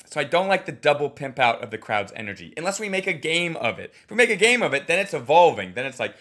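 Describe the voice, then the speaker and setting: A man coaching comedy with a lively, swooping delivery that sits a little high for a man. He is blunt, swears freely and jumps into quick impressions of the crowd and the performer to show what went wrong. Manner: animated, blunt, swears, acts out audience and comedian voices. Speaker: comedy teacher. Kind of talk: coaching critique of a recorded set.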